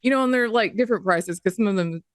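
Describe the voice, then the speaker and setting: A woman's voice: mid-range voice, fast talker, dry recording, clean studio sound. A woman co-hosting a podcast, telling a rambling funny story and giggling as she quotes others. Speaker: podcast co-host.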